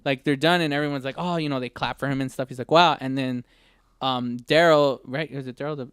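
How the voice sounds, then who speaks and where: A young man co-hosting a new live internet radio show, retelling a TV episode in a rambling, animated way with many restarts. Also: medium pitch, fast, clear, resonant tone, no room sound, studio quality. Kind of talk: casual chat.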